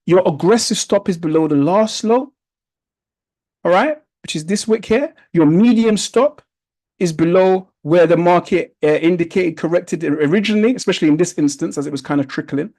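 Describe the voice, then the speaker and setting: A man with a notably high voice walks students through a chart in a live online trading class. He coaches by repeating key points and asking rhetorical questions, heard through a video-call mic. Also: normal speed, a little mellow, low-quality recording. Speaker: trading instructor.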